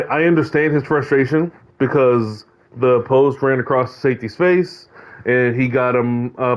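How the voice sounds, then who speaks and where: A man talking casually about a football video game, rambling with many fillers and restarts. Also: medium pitch. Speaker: host of a video game league check-in. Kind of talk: casual commentary monologue. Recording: dull lo-fi sound.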